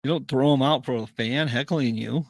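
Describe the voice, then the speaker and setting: A man's voice: medium pitch, moderate pace, vocal fry, dry recording. A man co-hosting a podcast in casual chat, easygoing and agreeable, telling sports stories. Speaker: podcast co-host.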